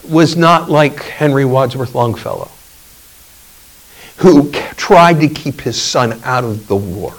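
A man's voice: on the high side, distant mic, low-quality recording. Man preaching a communion sermon. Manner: storytelling, halting with fillers. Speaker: pastor.

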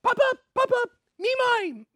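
A man voicing excited little grandkids on a ride, squealing and calling out for attention. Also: extremely high pitch, moderate pace, no room sound, studio quality, voice pushed up, exaggerated voice.

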